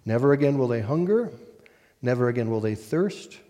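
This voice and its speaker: Solemn pastor in a reverberant church. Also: male voice, mid-range voice, animated, warm tone. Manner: measured, solemn reading with deliberate pauses. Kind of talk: sermon with scripture reading.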